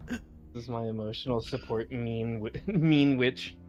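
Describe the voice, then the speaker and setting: A man's voice: medium pitch, measured pace, a little mellow, highs cut off, soft background music. Joking man player at a game table. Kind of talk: casual chat.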